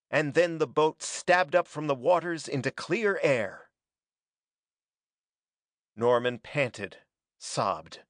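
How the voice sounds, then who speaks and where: A man reading a pulp adventure story aloud as a dramatic, steady narrator. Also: a little high, no echo, clean studio sound. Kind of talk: scripted audiobook narration.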